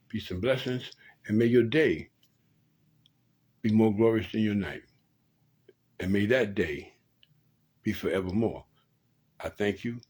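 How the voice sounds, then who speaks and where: A man's voice: on the low side, a little mellow, husky, rough recording. A man hosting a late-night talk, giving relationship advice in a preachy way, often repeating and restarting phrases. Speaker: host.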